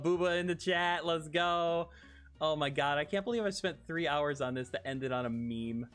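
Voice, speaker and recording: Male streamer, casual livestream chat; excitable, giggly, loose-mouthed, with faint background music. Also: mid-range voice. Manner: excitable and giggly, swears freely.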